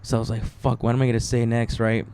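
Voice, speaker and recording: A young adult man, a stand-up comedian hosting a podcast, talks fast in a mid-range voice with slight background noise. He tells stories in loose, animated chat, swearing a lot and acting out the voices he quotes.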